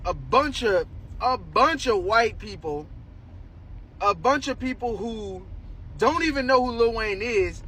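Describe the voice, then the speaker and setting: A man's voice: high voice, pushed and bright, slight background noise, low-quality recording. A man in a casual opinion video, making his point in an emphatic, lecturing way.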